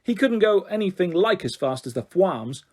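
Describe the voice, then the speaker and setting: A man reading a children's book aloud, expressive and animated. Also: high-pitched, normal speed. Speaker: narrator. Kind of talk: audiobook reading.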